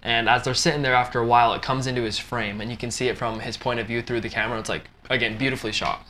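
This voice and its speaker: A man's voice: medium pitch, steady tone, rapid-fire, sharp tone, slight background noise. A young adult man hosting a podcast, retelling a film plot in a loose, rambling way full of "like". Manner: loose and rambling, heavy use of "like". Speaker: podcast host.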